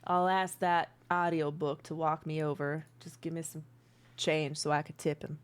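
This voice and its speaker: A woman's voice: low-pitched, flat delivery, normal speed, clear, resonant tone, lightly acted. A woman voicing a timid, eager-to-please old male helper with cloudy eyes. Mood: bashful.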